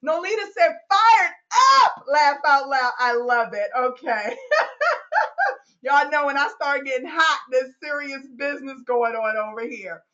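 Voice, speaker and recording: Upbeat woman host for a live call, very high bright voice, unhurried delivery, dull lo-fi call sound. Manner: exuberant, whoops and laughs often; hypes up listeners, calls them y'all. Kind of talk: energetic live call, reading out chat comments.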